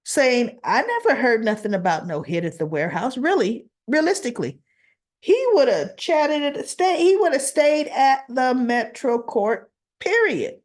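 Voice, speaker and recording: A woman casually recapping a soap opera episode, retelling scenes in an animated way and acting out what the characters say. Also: sits high, measured pace.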